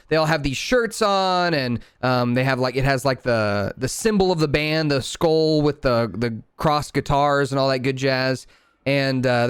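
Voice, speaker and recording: A man runs a tabletop game, describing scenes in a relaxed, rambling manner. His voice is smooth and even, and the sound is dry and close to the mic. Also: mid-range voice, no room sound. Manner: relaxed, loose, with many fillers. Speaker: game master.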